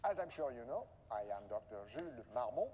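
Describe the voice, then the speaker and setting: A man's voice: mid-range voice, big pitch swings, fairly quick, dark tone, a little hiss or hum, close to an everyday voice. An actor playing an upbeat male scientist who hosts a corporate welcome video with corny jokes, heard through an echoey in-game recording. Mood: chirpy. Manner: chirpy, presenter-like, corny jokes. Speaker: head of research. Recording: reverberant in-game video, faint ambience.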